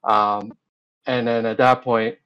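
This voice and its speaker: A man's voice: medium pitch, flat delivery, slow, a bit bright, clean tone, rough recording. A man, a guest in an interview, recounting events in a rambling, casual way full of fillers and retold dialogue.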